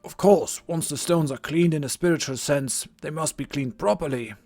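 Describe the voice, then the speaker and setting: A man voicing an eccentric old male druid hermit with a strained, reedy old voice, rambling slowly and condescendingly. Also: fairly high pitch, darkish tone.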